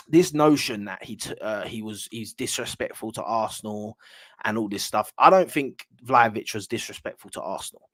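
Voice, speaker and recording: A man's voice: medium pitch, a bit bright, no echo. A young man, talking casually about football to camera in a rambling, blunt way with slang. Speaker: football fan channel host.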